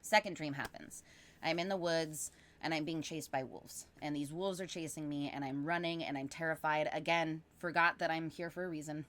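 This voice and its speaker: Low-voiced woman telling a story. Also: moderate pace. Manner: animated, rambling with frequent fillers. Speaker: podcast guest. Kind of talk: casual storytelling.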